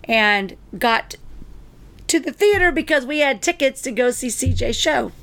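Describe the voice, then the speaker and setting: A woman telling a long story in casual chat as co-host, animated and acting out what people said. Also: high voice, measured pace. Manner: animated storyteller, acts out quotes.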